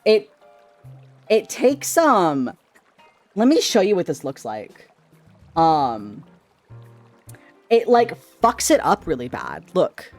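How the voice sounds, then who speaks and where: A man chatting casually on a live stream, his voice bouncing up and down in pitch. He swears freely and shifts from loud to quiet as he talks. Faint music plays underneath. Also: slow, pauses often. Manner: animated, swings between loud and quiet.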